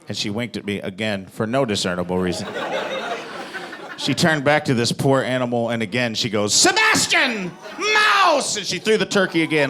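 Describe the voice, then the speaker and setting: A man doing stand-up, telling a story in a profane, animated, mock-grandiose way before a live audience. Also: mid-range voice. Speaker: stand-up comedian. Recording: live club recording, loud crowd and noise.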